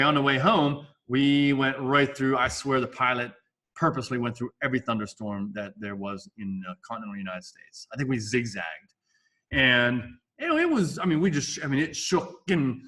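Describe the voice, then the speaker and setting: Bright-voiced male science teacher. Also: mid-range voice. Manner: casual, jokey, with fillers and asides. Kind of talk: classroom lecture.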